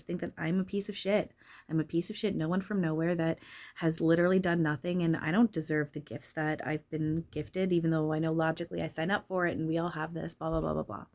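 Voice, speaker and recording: A woman channeler talking casually and candidly about spirituality, swearing freely and laughing often. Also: on the low side.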